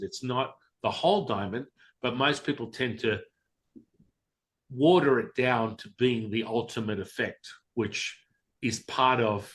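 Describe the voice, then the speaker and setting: A man's voice: fairly low pitch, a bit bright. A man being interviewed as a spiritual teacher, candid and blunt, casually swearing and acting out voices as he tells his stories. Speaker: Taoist teacher, interview guest.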